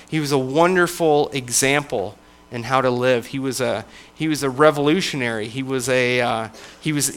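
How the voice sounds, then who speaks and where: A man, a church elder, preaching a sermon in a conversational, halting way with frequent restarts. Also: fairly high pitch, fairly bright tone.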